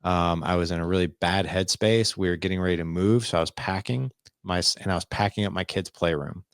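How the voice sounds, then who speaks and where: Deep gravelly man telling his story. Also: fairly quick, dry recording, studio quality. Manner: earnest, confessional storytelling with quoted dialogue. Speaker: podcast guest. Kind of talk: candid storytelling in a podcast interview.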